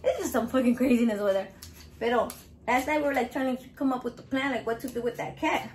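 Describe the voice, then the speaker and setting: High-voiced, foul-mouthed woman. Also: fast talker, a little hiss or hum. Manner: crude, profane, animated storytelling. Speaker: home cook filming a recipe video. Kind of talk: casual cooking vlog chat. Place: home kitchen.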